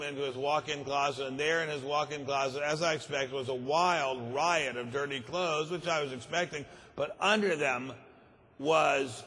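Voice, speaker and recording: A man voicing an upset housewife who tells her story slowly and fretfully, in a large echoing hall. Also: on the high side, pushed and bright. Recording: long reverb of a large conference hall.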